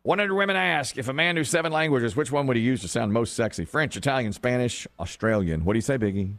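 A man's voice: medium pitch, expressive, fast, fairly bright tone, no room sound. A man hosting a quiz game on a radio show, upbeat and teasing, repeating the question for each player.

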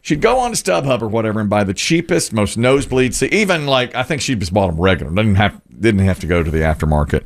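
A low, gravelly male voice with a lively, swooping delivery. He hosts casual talk radio and spins long anecdotes, often slipping into high mock voices for the people in them. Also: quick pace, hardly any pauses. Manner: animated storyteller, squeaky voices for quoted people. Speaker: radio show host. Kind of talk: casual morning radio banter.

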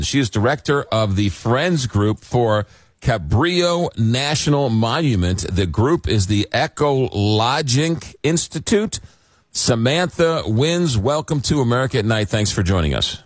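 A man's voice: medium pitch, no room sound. A man hosting a radio talk show, interviewing a guest in a casual manner and stumbling over names.

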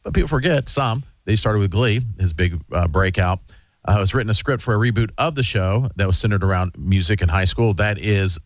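A male host chats casually and gives blunt opinions. His voice is on the low side, and the recording is close and dry, with no room sound. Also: fairly quick, dry recording. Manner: opinionated, conversational. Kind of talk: casual chat.

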